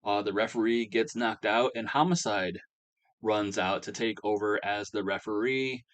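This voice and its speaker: A man's voice: lowish voice, moderate pace, fairly bright tone. A man casually recapping a wrestling simulation game, rambling with many fillers. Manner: rambling, filler-heavy storytelling. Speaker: game commentator.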